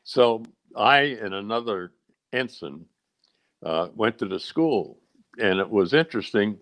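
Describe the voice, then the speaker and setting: An older man from the American South, a retired naval officer telling stories in a casual interview, rambling and halting with many fillers. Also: lowish voice, lively intonation, fairly bright tone. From Charleston, South Carolina. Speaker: guest, retired rear admiral.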